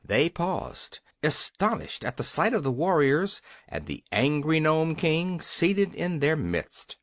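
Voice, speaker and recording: Expressive male audiobook narrator, lively pitch. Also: slow, dry recording. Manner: expressive reading with many character voices. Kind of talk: scripted storybook narration.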